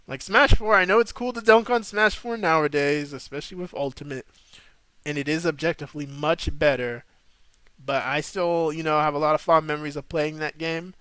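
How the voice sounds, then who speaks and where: A young man in a relaxed stream chat, drifting between topics in a slangy, easygoing way. His voice sits a bit high and comes across bright and forward. The sound is dry and close. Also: normal speed, clear, resonant tone, no room sound. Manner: laid-back, rambling, slangy. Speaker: streamer host. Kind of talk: casual stream chat while gaming.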